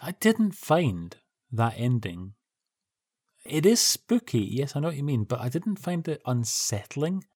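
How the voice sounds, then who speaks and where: Brief: male podcast co-host, wry and rambling, middle pitch, dry close-miked sound. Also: big pitch swings, a little slow, a little mellow, slightly rough, no echo. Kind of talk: casual chat reviewing old TV.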